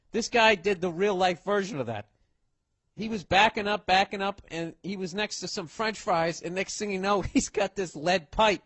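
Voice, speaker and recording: A man performs stand-up on stage, telling a profane story loud and fast with plenty of swearing. His voice sits high and husky, and it is picked up by a stage microphone with a dry, close sound. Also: dry recording. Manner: loud, swearing, acts out characters. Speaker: stand-up comedian.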